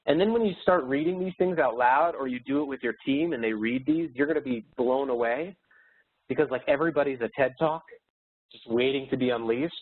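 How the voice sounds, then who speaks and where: A man's voice: mid-range voice, brisk, slightly rough. Man coaching over tinny, phone-like audio. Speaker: speaker and educator. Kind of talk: motivational webinar presentation.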